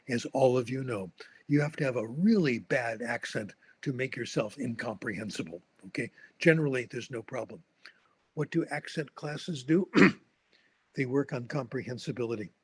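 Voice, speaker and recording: An older man lectures in an easygoing, anecdotal way, with a wry humor that runs through his stories. His voice is somewhat husky and sits at a middle pitch. The sound is dry and close, with little room around it. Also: no echo. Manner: storytelling, wry, tags points with "okay?". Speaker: linguist giving a lecture.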